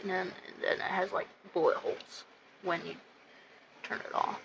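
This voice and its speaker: A woman narrating a video game as she plays, excitable and rambling, stringing her thoughts together with repeated "and then". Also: fairly low pitch, moderate pace, vocal fry. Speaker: gamer reviewing a video game. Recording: loud background noise.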